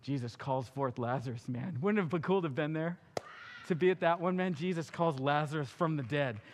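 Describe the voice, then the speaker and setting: A man preaching a sermon as a pastor. He speaks with passion, swings between loud and hushed delivery, and drops in casual asides. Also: on the high side, a little fast. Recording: long reverb of a large hall.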